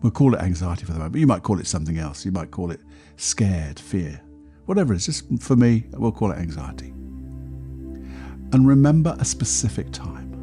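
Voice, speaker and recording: A man, a podcast host and therapist, talking a listener calmly through a guided exercise in a soft, unhurried voice. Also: sits low, soft background music. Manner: calm, soft, unhurried guiding voice.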